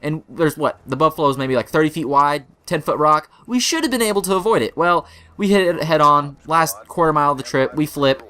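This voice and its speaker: A young man hosting a gaming channel, telling a story over gameplay commentary and acting out the quotes with sudden jumps in pitch. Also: expressive, fairly quick, few pauses, pushed and bright, clean tone.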